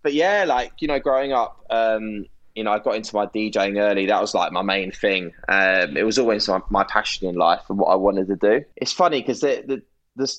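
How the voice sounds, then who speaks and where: A man's voice: on the low side, a bit bright, muffled recording. A young man from North London with a London accent, chatting casually as a guest and laughing easily. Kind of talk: casual chat.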